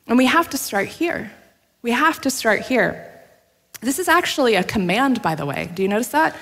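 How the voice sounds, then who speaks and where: A woman's voice: medium pitch, expressive, normal speed, bright, forceful tone. Woman preaching with a candid, laughing manner. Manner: candid, self-deprecating storytelling with frequent laughs. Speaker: pastor. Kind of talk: sermon. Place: church sanctuary. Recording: long hall reverb.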